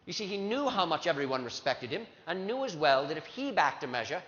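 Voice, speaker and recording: A man's voice: fairly high pitch, sing-song, a little fast, a bit bright. An actor playing a proud, self-assured founding-era statesman, insistent and grand, in a live historical re-enactment for students. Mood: explaining. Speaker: costumed performer at an educational show. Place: large hall with a live audience. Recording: dull, echoey hall.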